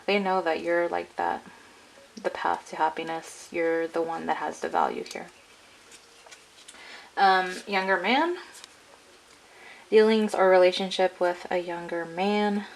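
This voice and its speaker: A woman with a fairly low, gravelly voice talks her viewers through a tarot reading. She rambles in a loose, chatty way, leaning on "like" and "I'm getting." The delivery stays casual and conversational. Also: a little hiss or hum, low-quality recording. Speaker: tarot card reader.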